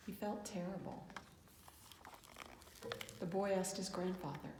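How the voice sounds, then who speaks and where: A woman reading a children's picture book aloud in a calm, gentle manner, closing with reflective questions. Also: fairly low pitch, measured pace, echoey room, in a large hall, slight background noise. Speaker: children's storyteller. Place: church hall.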